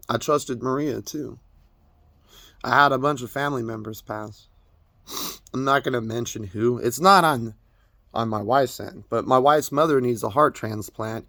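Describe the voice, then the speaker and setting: A young man pours out a tearful, rambling confession, stumbling over his words and swearing often. His voice is gravelly, with a rough fry, and sits at an ordinary pitch. The sound is dry and close, with no room around it. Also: a bit bright, no room sound. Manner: rambling, stammering, profane, tearful. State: crying. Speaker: vlogger. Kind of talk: emotional personal confession.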